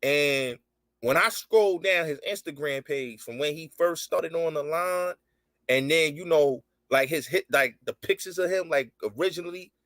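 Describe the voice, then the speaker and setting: A man with a fairly high voice hosting a casual online show over a call. He chimes in a lot and repeats his words. The sound is dry and close, with no room. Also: normal speed, a bit bright, dry recording. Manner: agreeable, interjects often, repeats himself. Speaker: show host. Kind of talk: casual video-call chat.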